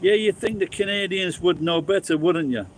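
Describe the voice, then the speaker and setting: This vlogger from Sheffield, England, speaks in a thick Yorkshire accent as he loosely chats with live viewers outdoors on a street, sweary, rambling and often laughing. His voice is high, at normal speed, with a little hiss or hum.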